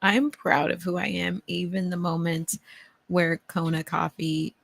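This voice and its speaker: A woman's voice: on the low side, fairly even intonation, unhurried, gravelly, dry recording. A woman hosting a casual live-stream chat who is playful, laughs often and swears casually, speaking into a mic on a stand. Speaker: host.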